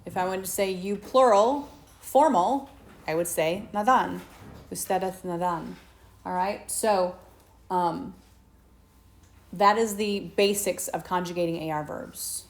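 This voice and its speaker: Slow, patient woman teacher. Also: on the low side. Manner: slow patient explaining, asks students questions. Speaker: Spanish teacher. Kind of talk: recorded whiteboard lesson. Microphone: tablet mic.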